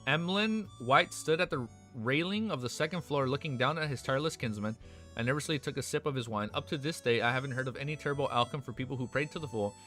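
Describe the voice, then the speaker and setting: Young male streamer, reads a novel aloud and keeps jumping in with excited reactions, bright voice, faint music in the background. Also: mid-range voice, fast talker. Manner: excitable, breaks off reading to react.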